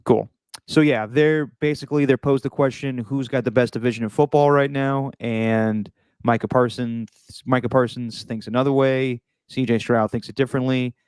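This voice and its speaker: A man hosts a relaxed sports chat in a mid-range voice and talks loosely while he reacts. He laughs easily and breaks into quick impressions when he quotes someone. The room is dry and close, with no echo. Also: medium pitch, clear, resonant tone. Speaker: podcast host. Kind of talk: casual chat.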